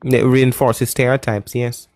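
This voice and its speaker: A man's voice: mid-range voice, level tone, a little slow. A man hosting a live debate stream, sarcastic and mocking, interrupting guests often. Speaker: debate livestream host.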